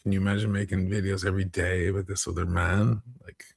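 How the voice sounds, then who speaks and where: A man's voice: low-pitched, level tone, fairly quick, vocal fry, husky. A man chatting casually on a live stream, rambling, swearing freely and laughing often between thoughts.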